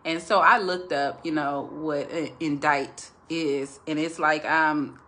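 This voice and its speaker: Chatty woman with a bright, lowish voice. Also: slight background noise. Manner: chatty, rambling storyteller; earnest when sharing revelations. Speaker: Christian devotional speaker. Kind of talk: casual testimony to viewers.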